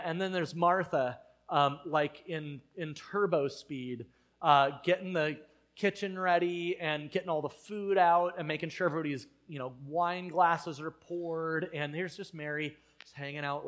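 A man's voice: on the high side, fairly bright tone. A man preaching a conversational sermon, telling the story casually with frequent fillers. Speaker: pastor.

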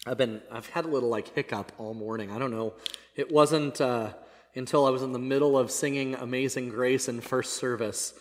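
A man, a pastor, shares a story from the pulpit in a loose, self-deprecating way, getting animated as he tells it. His middle-pitched voice is a little strained, and a long church reverb rings behind every phrase. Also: normal speed, a little hiss or hum. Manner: casual and self-deprecating, animated when retelling. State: voice slightly strained, cracking. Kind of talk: conversational sermon storytelling. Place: church sanctuary.

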